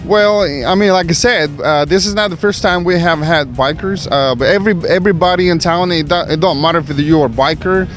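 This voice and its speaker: Man, restaurant owner, halting, fillers, outdoors, music behind. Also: fairly high pitch. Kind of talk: casual interview.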